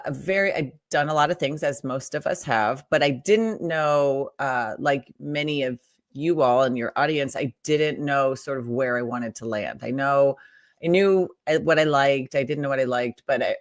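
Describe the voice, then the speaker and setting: An American woman, a guest on an interview podcast, talking in an upbeat, chatty way with quick restarts. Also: very deep voice, no echo, clean studio sound. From United States. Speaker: guest, Profit First guide. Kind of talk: casual interview chat.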